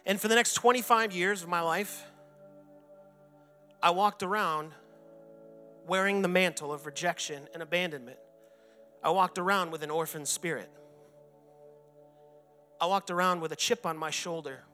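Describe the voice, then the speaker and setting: A man's voice: high-pitched, normal speed, long pauses, faint music behind. A man in his forties, a pastor, preaching a sermon in a church and telling his own story earnestly. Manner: earnest personal testimony, reenacts his own anguished shouting prayers. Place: church sanctuary.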